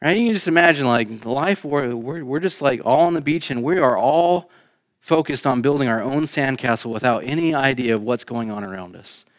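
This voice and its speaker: A man preaching a sermon in a church, shifting between emphatic raised lines and quiet, conversational asides. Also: medium pitch, expressive, moderate pace. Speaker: pastor. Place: church sanctuary.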